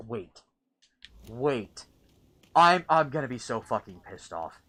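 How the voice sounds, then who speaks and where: A man chatting casually while playing a game, swearing often and getting frustrated quickly. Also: medium pitch, sing-song, a bit bright. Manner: swears a lot, easily frustrated. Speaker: gamer. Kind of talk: casual gaming chat.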